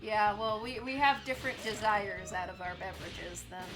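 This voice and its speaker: A woman's voice: mid-range voice, normal speed, music in the background. Chatty woman streamer reading chat. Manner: chatty, laughs often, reads chat aloud. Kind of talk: casual gameplay stream chat.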